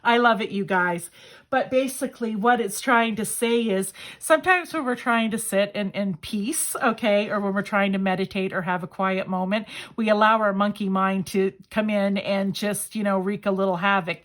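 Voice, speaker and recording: A woman's voice: mid-range voice, fairly even intonation, moderate pace. A woman giving a casual pick-a-card tarot reading, chatty and enthusiastic as she talks straight to her viewers. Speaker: tarot reader.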